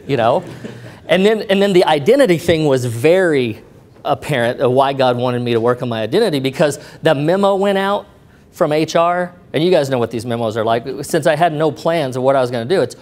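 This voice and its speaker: A middle-aged man giving a personal testimony to an audience, telling his story in an animated way and acting out what people said to him. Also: mid-range voice, fast talker, slight background noise. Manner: animated retelling, acting out quoted dialogue.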